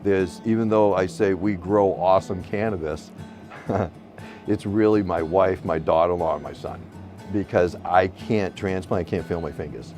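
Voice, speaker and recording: A middle-aged man from Maine who works as a medical cannabis caregiver tells his story in an interview, his deep voice fairly even in intonation and normal in speed. He's blunt, profane, and rambling, restarting often, with loud music playing under his voice.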